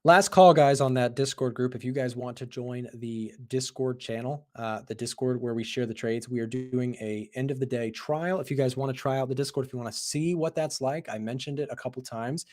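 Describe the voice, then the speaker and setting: A man hosting a live trading stream, hoarse from losing his voice, talking casually with many fillers and repeats. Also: mid-range voice, darkish tone. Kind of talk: live market commentary.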